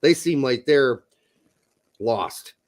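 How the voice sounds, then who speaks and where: A man co-hosting a casual soccer talk show, profane and animated, bursting into loud mock rants. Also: medium pitch, very slow. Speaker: podcast co-host. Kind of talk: casual chat.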